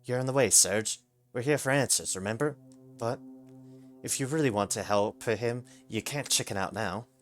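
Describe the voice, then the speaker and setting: A man's voice: mid-range voice, normal speed, faint music behind, close to an everyday voice. Man doing a brash young thief girl. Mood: impatient. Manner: bossy and pushy.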